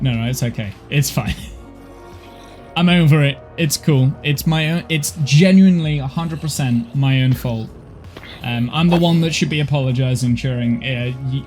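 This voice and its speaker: A man's voice: mid-range voice, a little mellow. A man live-streaming a game from his home office, tired and talking casually, self-deprecating and apologetic, with frequent restarts. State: tired, overheated.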